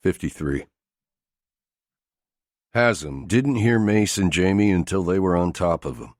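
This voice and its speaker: A man reads an action thriller audiobook in a steady, gritty delivery. His voice sits very deep, and the recording is close and dry with no room echo. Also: a little slow. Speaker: audiobook narrator. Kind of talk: scripted narration of an action thriller.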